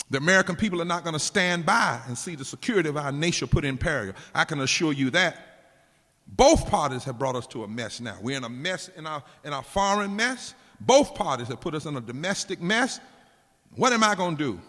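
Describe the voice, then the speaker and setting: A man's voice: fairly high pitch, bright, forceful tone. A man impersonating a fiery 1960s segregationist politician and bellowing a rally speech with bombast. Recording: long hall reverb.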